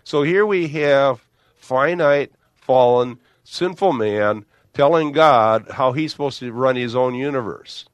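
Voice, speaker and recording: A man's voice: medium pitch, slow, no room sound, lo-fi sound. An older man teaching on the Bible in a discussion, building his points emphatically with illustrations. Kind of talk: theological discussion.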